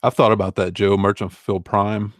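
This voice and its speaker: A man's voice: on the low side, little pitch movement, fairly quick, no echo, clean studio sound. A man in his forties, an online reseller, chatting casually and rambling through viewer questions with easygoing fillers and chuckles. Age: 40s. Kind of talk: casual live Q&A chat.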